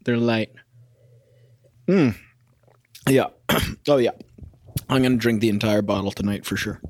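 A man's voice: lowish voice, a little slow, darkish tone, no echo. Rambling, self-amused man podcasting. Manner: rambling and self-amused, sings snatches of a song. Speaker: podcast host. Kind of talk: casual solo podcast monologue. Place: home kitchen.

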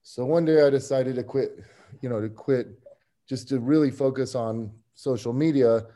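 A man with a warm, mellow voice at an ordinary pitch chats through his story as a podcast guest. His delivery is loose and easygoing, with restarts and frequent soft chuckles. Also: normal speed. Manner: easygoing, rambling, chuckles often. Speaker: strength coach, podcast guest. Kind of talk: casual interview storytelling.

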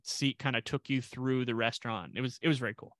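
A man's voice: medium pitch, fairly even intonation, fast, a bit bright, no echo. A man co-hosting a podcast in casual chat, rambling with lots of restarts and dry jokes. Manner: rambling, restarts a lot, self-deprecating jokes. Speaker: podcast co-host.

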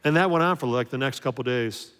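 A man delivers a sermon in a large church, his voice ringing with a long reverb tail. He tells a story with animated character voices, then drops to a soft, intimate tone to address listeners directly. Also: medium pitch, quick pace, clear, resonant tone. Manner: acts out story characters, swings from loud to hushed. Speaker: pastor. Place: church sanctuary.

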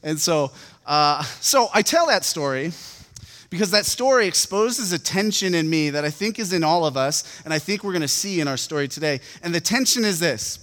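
A man with a high voice delivers a sermon in the loose, chatty manner of someone telling a story, full of casual fillers. His voice rings out with a long reverb, as in a church hall. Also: expressive, normal speed, fairly bright tone. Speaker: pastor.

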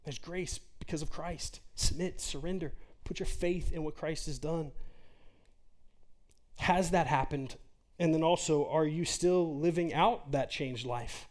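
A man's voice: fairly high pitch, unhurried. A man in his forties preaching an earnest, conversational sermon as a pastor, full of rhetorical questions.

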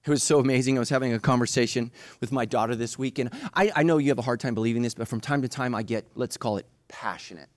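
Man, middle-aged, pastor, sermon, fervent, loud to hushed, dry close sound. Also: medium pitch, steady tone, dry recording. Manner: passionate preaching that swings from loud bursts to hushed, slow emphasis.

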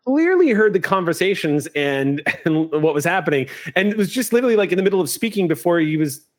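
A man's voice: high voice, big pitch swings, fairly quick. A man narrating a tabletop game as game master, describing scenes at length with frequent fillers.

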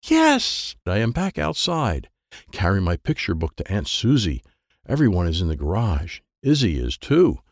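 A man's voice: low-pitched, sing-song, moderate pace, a little mellow, no echo, studio quality. A man narrating a children's storybook in the first person, in a simple, childlike way. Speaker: audiobook narrator.

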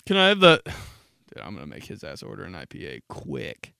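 A man's voice: deep voice, moderate pace, creaky, clear, resonant tone, dry recording, studio quality. A young man telling stories with lots of swearing and laughter, in a casual comedic podcast monologue. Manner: profane, animated storytelling with frequent laughter. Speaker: podcast host.

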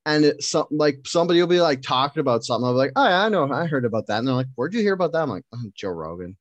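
A man's voice: on the high side, expressive, very fast, no echo, lo-fi sound. Profane joking man, casual chat. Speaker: podcast co-host.

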